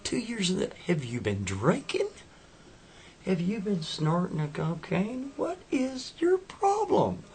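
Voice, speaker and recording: A man voicing a skeptical, devout young woman in a spoken story, her tone incredulous and rising to shrill. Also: huge pitch swings, slow, darkish tone, a little hiss or hum, full character voice.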